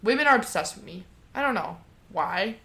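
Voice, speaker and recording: A woman's voice: mid-range voice, lively intonation, moderate pace, creaky, bright, forceful tone. A young woman co-hosting a podcast, telling a story in brash, profane casual chat and acting out the voices of the people in it. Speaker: podcast co-host.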